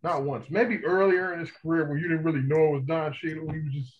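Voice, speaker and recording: Animated man with dull lo-fi sound. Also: on the high side, fast talker. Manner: animated, profane, enthusiastic film talk. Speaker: podcast co-host. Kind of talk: casual chat.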